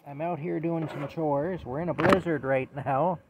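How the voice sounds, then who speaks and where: A man's voice: on the high side, steady tone, moderate pace, dull audio, background noise. A middle-aged man telling a rambling, folksy story to his phone while outdoors in a blizzard. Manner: rambling, folksy, chuckling between thoughts. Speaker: vlogger. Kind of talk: casual storytelling to camera. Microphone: phone held in hand.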